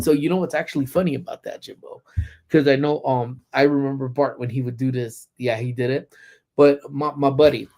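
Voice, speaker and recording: Gravelly-voiced man rambling on a livestream. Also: mid-range voice, fairly even intonation, a little fast, a little mellow. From Southern California. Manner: rambling storyteller with many ums, blunt and profane when annoyed. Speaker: livestream host. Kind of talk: casual live-stream chat, reading chat comments aloud. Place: parked car.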